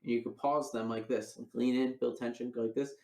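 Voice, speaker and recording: A man's voice: medium pitch, little pitch movement, brisk, creaky, a little mellow, echoey room, rough recording. A man teaching a coin magic routine in a casual online lecture, explaining each step and acting out his patter. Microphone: online voice call.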